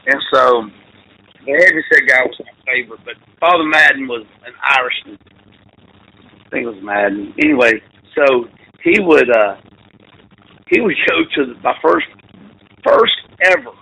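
A man's voice: medium pitch, normal speed, vocal fry, long pauses, slightly rough, low-quality recording. A middle-aged man, a football coach telling folksy stories over the phone in an interview. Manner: animated, folksy storyteller with laughs. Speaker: high school football coach.

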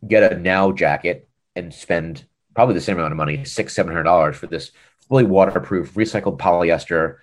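Appearing as a podcast guest, a former e-commerce director with a deep, low American voice recounts a business story in easygoing interview talk. He speaks a little fast and tells it with animation, slipping into the voices of the people in his anecdote.

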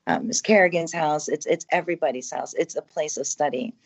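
A woman with a deep, gravelly voice speaks briskly, with lo-fi sound. A haunted house owner and author appearing as a podcast guest, she chats casually and earnestly, rambling with many fillers and restarts.

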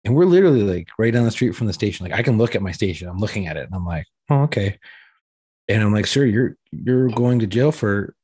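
A man's voice: on the low side, fairly quick, darkish tone, slightly rough, no echo. A man, a police officer, telling a profane story in casual chat and acting out the quotes with animation.

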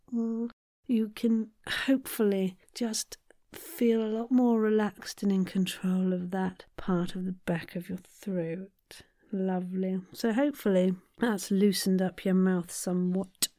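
A woman coaching voice actors, guiding warm-up exercises and tongue twisters in a playful, encouraging way. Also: a little high, no room sound, studio quality. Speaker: voice acting coach. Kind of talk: guided vocal warm-up.

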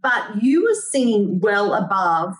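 A woman's voice: mid-range voice, sing-song, measured pace, far from the mic, poor audio. A woman hosting an interview, a singing teacher who speaks precisely and encouragingly about vocal technique. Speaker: podcast host, singing teacher.

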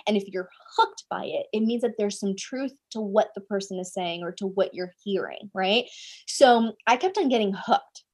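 In an interview, a woman who works as a life coach tells a personal story from her twenties; she is older now. English is her second language, and her mid-range voice moves at a normal speed, animated and full of "like" fillers and "right?" tags.

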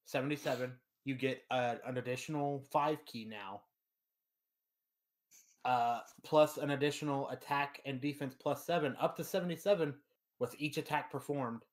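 A man's voice: mid-range voice, a little hiss or hum. A man co-hosting a casual podcast, reading out game stats with enthusiasm and playful asides, on a computer mic over a remote call. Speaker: podcast co-host.

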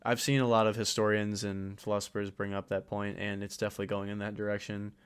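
Young guy podcast cohost, lowish smooth voice, laughs a lot, swears casually. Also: completely flat delivery, fast. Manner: laughs often, curses freely. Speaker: podcast co-host. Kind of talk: casual chat.

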